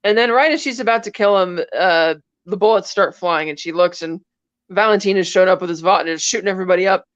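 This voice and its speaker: Woman podcast co-host, lively plot recap, dry close sound, a bit lo-fi. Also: fairly low pitch, fast, no echo. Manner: animated storytelling, briefly acting out characters' lines. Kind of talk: casual chat retelling a film scene.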